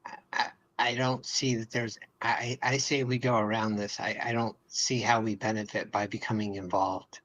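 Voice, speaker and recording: A man's voice: fairly low pitch, flat delivery, normal speed, hardly any pauses, a bit bright, poor audio. A man playing a tabletop game, stammering a bit, dry and sarcastic about the plan. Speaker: player. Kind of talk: casual chat in a tabletop game.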